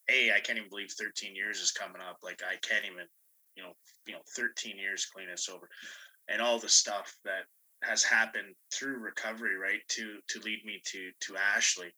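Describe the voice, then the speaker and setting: A man, a guest, telling a story in an animated, chatty way, full of "you know"s. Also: fairly low pitch, rough recording. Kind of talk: casual storytelling.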